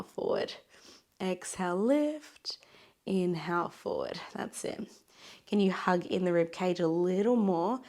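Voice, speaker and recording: A hoarse, run-down young woman leading a pilates workout with a raspy voice, encouraging and counting reps as she cues each breath. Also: mid-range voice. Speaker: pilates instructor. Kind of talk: guided workout instruction.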